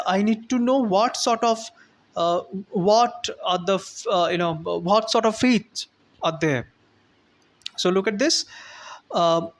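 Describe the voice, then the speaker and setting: A man teaching a lecture and explaining step by step, often pausing with "uh, you know" and checking in with a rising "hmm?". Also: high voice. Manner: halting, many fillers, rising "hmm?" checks. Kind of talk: classroom lecture.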